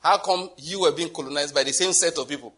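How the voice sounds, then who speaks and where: Nigerian pastor with husky bright voice. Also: male voice, fairly high pitch, fast talker. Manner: conversational preaching with repetitions and chuckles. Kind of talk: sermon.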